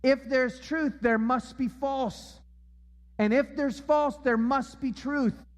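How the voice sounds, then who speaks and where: A man's voice: extremely high pitch, fairly even intonation, slow pace, in a large hall. A man preaching a sermon as pastor, emphatic and repeating his key phrases. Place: church auditorium.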